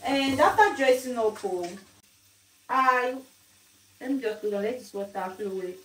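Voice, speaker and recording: A woman's voice: a little high, moderate pace, a little hiss or hum. A young woman chats to her phone camera, telling a story and circling back over the same points. She sounds a little distant from the mic in an echoey home kitchen, with faint ambience behind her. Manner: chatty, animated storytelling, repeats herself. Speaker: vlogger. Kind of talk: casual vlog chat.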